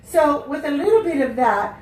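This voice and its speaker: A woman's voice: high voice, expressive, moderate pace, recorded from a distance, a little hiss or hum. Chatty woman radio host, off-mic. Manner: rambling, chatty, loses her train of thought. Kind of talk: casual radio chat. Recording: roomy, off-mic.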